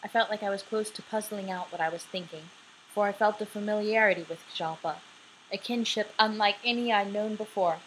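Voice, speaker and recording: Late at night in her bedroom, a woman in her twenties records a homemade audiobook on her laptop mic, occasionally pausing to say sorry in a drowsy, relaxed way. She reads briskly in a mid-range voice. There's a little hiss or hum, and the recording quality is low.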